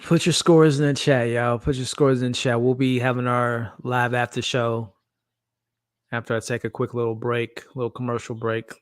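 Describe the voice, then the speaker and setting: A man's voice: medium pitch, flat delivery, moderate pace, no room sound, studio quality. A man hosting a live reaction stream, talking candidly and chatting directly with his viewers. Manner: candid, chatty, talks straight to the live chat. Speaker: host.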